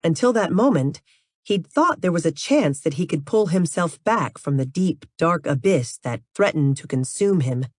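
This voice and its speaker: A woman narrating an audiobook in an even, measured reading. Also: lowish voice, no room sound, studio quality.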